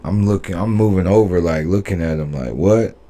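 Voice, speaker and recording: A man's voice: low voice, brisk, dark tone. A man hosting a reaction video, giving laid-back, opinionated commentary and repeating his points. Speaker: reaction channel host.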